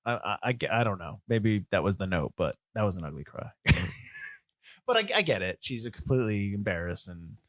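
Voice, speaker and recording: A man co-hosting a casual film podcast, animated, jumping into quick impressions of movie lines. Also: on the low side, dry recording, studio quality. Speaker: podcast co-host.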